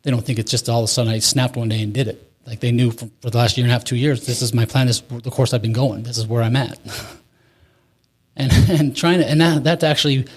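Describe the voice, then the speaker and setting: A man's voice: mid-range voice, steady tone, fast talker. A man in his forties, an interview guest, telling a candid recovery story in a rambling way with restarts and nervous laughs.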